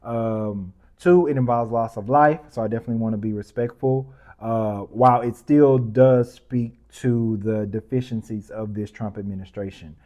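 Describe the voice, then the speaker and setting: A man hosting his own news commentary podcast, speaking passionately with casual asides, then settling into a calmer, more respectful tone. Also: on the low side, moderate pace, hardly any pauses. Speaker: podcast host.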